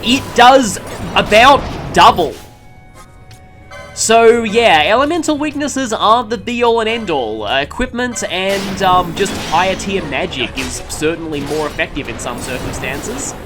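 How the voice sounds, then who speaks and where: A man talks through a game session in a loose, rambling way, full of ums and second thoughts. His pitch swings up and down with lively energy. Soft game music plays faintly behind him. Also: measured pace. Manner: rambling, with many ums and mid-sentence self-corrections. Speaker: let's play commentator. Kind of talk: casual gameplay commentary.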